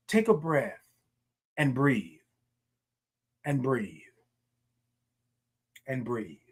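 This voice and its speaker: A man hosting a motivational morning talk, preaching in a rhythmic call-and-response way with repeated phrases. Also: high voice. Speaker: host.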